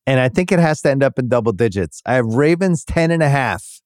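A man hosting a casual sports betting chat, listing names in quick runs. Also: medium pitch, lively intonation, darkish tone, dry recording, studio quality. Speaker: sports betting podcast host.

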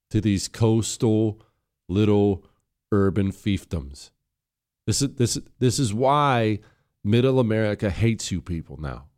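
A man's voice: fairly low pitch, darkish tone. A man hosting a political commentary show, talking in a combative, sarcastic and mocking way as he reacts to clips.

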